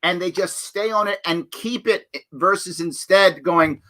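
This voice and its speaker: A man's voice: high voice, a little slow, pushed and bright. A man hosting a live-stream chat show, talking casually and animatedly, often laughing and rambling. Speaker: host.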